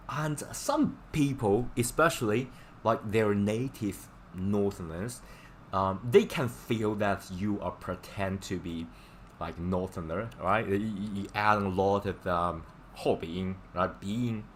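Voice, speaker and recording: A man's voice: lowish voice, measured pace, a little hiss or hum. A man teaching Chinese in a live-stream lesson, explaining casually in English with many fillers and repeating words for practice.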